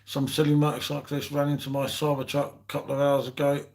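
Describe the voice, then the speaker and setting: A man's voice: a little high, completely flat delivery, fast, a little mellow. A man co-hosting a live beer stream, joking and bantering and calling everyone mate. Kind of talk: casual chat.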